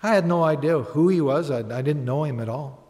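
A man's voice: a little high, fairly quick, a little mellow. A man preaching a sermon, telling stories and building to earnest, emphatic appeals. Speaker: pastor. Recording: long hall reverb.

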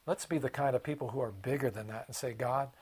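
A man preaching a sermon, swinging from hushed, quiet passages to loud, impassioned ones. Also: medium pitch, quick pace, slightly rough. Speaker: pastor.

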